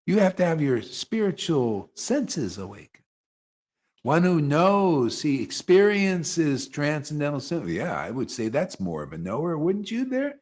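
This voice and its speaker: A man leading an informal devotional gathering, who talks in a loose, animated way, breaks into chuckles and mocks other people in put-on voices. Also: fairly high pitch, normal speed, few pauses. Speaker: spiritual teacher leading satsang.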